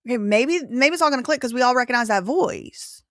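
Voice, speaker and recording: A woman's voice: fairly high pitch, lively intonation, fast, a bit bright, no echo, clean studio sound. A woman hosting a live online show, talking casually and at length, often repeating herself as she works through her points. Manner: rambling, repeats herself, quotes others. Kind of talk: casual commentary.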